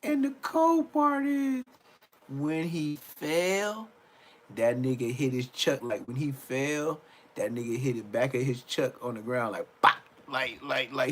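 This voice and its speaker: A man giving casual reaction commentary on a video, profane and mocking, who laughs often. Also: mid-range voice. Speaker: reaction streamer.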